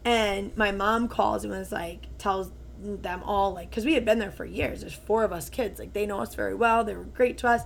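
A woman's voice: mid-range voice, steady tone, moderate pace, vocal fry, few pauses. Woman, 20s, podcast co-host; easygoing storyteller, filler-heavy, faint room hum behind. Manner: chatty storytelling, full of "like" fillers. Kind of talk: casual chat.

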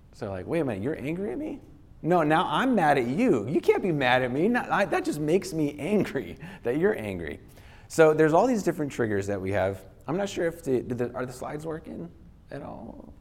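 A man speaking to a live audience in a loose, conversational lecture. He often restarts his sentences and slips into acted-out angry voices to make a point. His voice sits in an ordinary middle pitch. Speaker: speaker teaching on anger.

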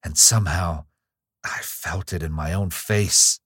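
A man reading the lines of a frightened young noblewoman, pitching up slightly into raised, urgent pleading. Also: unhurried, a bit bright, breathy edge, no echo, clean studio sound, heavily acted.

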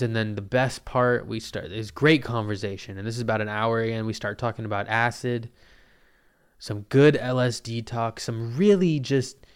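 A man talks alone into a podcast mic, rambling through a story with plenty of swearing and big swings in delivery. His voice is smooth and resonant at a mid pitch, with a phlegmy catch in the throat. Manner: profane, rambling, animated storyteller. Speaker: podcast host. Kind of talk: casual solo podcast storytelling. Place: Portland.

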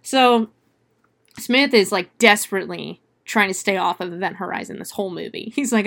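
A woman's voice: a little high, lively intonation, moderate pace, a bit bright. A woman casually retelling a movie plot in a chatty, profane way, full of fillers and laughs. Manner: laughs often while retelling. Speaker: film reviewer.

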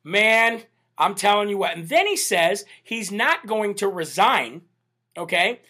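A man's voice: sits high, unhurried, breathy edge. Indignant sarcastic male commentary host. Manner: animated, indignant, sarcastic, addresses "ladies and gentlemen". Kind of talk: political commentary livestream.

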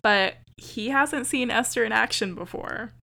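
A woman's voice: fairly high pitch, a little slow, creaky. Chatty, profane woman podcast host. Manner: chatty, profane, animated storytelling. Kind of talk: casual chat recapping a horror film.

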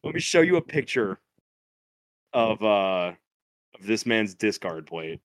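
A man's voice: on the low side, sing-song, a little slow, no echo. A man co-hosting a podcast, telling a loose, profane story in casual chat and laughing as he goes. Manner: loose, profane, laughs through his stories. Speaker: podcast co-host. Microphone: podcast microphone.

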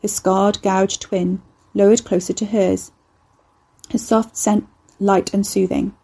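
A woman reading a horror novel aloud in a measured, intimate narration. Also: medium pitch, little pitch movement, warm tone, slightly rough. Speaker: audiobook narrator.

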